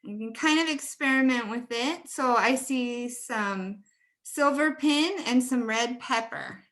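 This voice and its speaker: A woman leading an online teacher-training webinar, slowly and carefully modeling words for pronunciation practice. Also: a little high, a bit bright.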